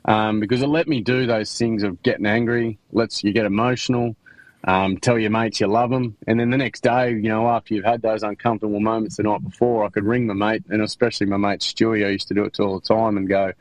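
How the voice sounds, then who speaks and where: A man's voice: fairly low pitch, fairly even intonation, fast talker, no echo, poor audio. A man with an Australian accent, a podcast guest telling his life story in a frank, slangy way, with many restarts and fillers. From Queensland, Australia. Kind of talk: candid interview storytelling.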